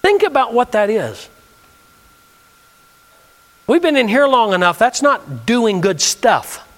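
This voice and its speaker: Lively, high-voiced man preaching in a hall. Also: slow pace. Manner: preaching with call-and-response, lively and emphatic. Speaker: pastor. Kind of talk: sermon. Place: church sanctuary.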